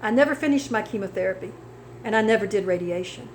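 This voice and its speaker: A woman with a mid-range, lively voice speaks quickly as a cancer survivor giving an earnest testimony of faith and healing that builds into preaching with scripture cadences. The low-quality recording has slight background noise.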